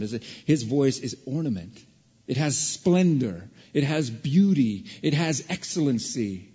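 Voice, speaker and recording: Husky-voiced pastor preaching in a hall. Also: male voice, mid-range voice. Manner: storytelling, animated, acts out voices. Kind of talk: sermon. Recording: dull, reverberant hall recording.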